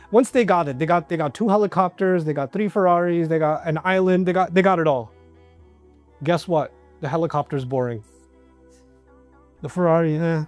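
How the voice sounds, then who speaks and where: Man preaching, fairly high voice, chatty lecture, rhetorical questions, faint music underneath. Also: moderate pace, a little mellow. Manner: conversational, rhetorical questions, acts out quoted voices. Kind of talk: religious lecture.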